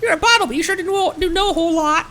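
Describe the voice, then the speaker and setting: A man voicing a chirpy little female fairy companion in bubbly, squeaky game dialogue. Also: racing, bright, forceful tone, a little hiss or hum, heavily acted. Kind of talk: game dialogue read aloud on stream.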